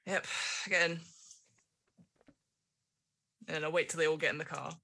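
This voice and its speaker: A man's voice: on the high side, level tone, measured pace, creaky, sharp tone, no echo. A man playing a tabletop game, stern and firm in character. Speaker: player.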